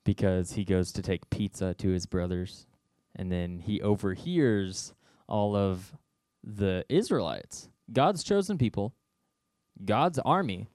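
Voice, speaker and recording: A young man giving a casual sermon, telling a story in a joking, conversational, animated way. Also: lowish voice, takes it slowly, no echo, clean studio sound. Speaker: youth speaker.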